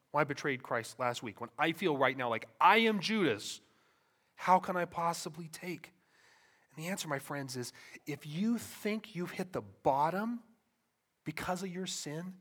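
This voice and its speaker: A man preaching in a church with a notably high voice. He moves between hushed reflection and loud emphasis, often checking in with rhetorical questions and relaxed asides. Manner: impassioned, swings from soft to loud emphasis. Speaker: pastor. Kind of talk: sermon.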